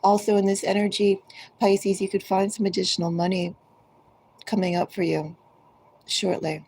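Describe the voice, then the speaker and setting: A woman giving a collective tarot reading, speaking directly to each zodiac sign in an unhurried, musing way. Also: medium pitch, level tone, darkish tone, a little hiss or hum, rough recording. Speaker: tarot reader.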